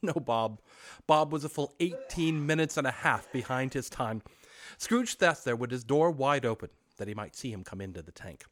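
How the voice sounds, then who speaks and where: A man narrating a classic story aloud with animated expression. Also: mid-range voice, moderate pace. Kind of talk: storybook reading.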